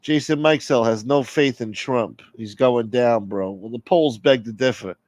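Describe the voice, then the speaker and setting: A man rambles through a casual livestream, joking and reading out viewers' messages. His voice sits mid-pitched and sounds close and dry, with no room echo. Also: normal speed, a little mellow. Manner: rambling, reads out chat, joking. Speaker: livestream host.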